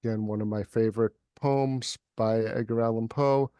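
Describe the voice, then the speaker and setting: A man reads his poetry at a livestream event via video call, reciting dramatically with emphatic rhythm before a casual chat about the piece. His lowish voice is dark, clear, and resonant, steady in tone at a moderate pace, with no room sound.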